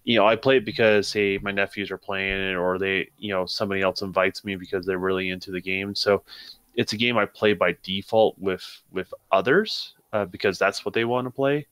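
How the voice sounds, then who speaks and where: Thoughtful low-voiced man on a panel. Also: steady tone, a bit bright, clear, resonant tone, no room sound. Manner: measured, thoughtful, hedging. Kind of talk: casual gaming chat.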